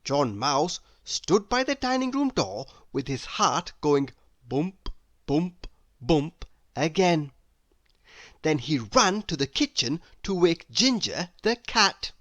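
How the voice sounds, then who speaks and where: A woman reading a children's storybook aloud in an expressive manner, now and then asking the listener questions. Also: low voice, slow, dry recording. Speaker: storybook reader.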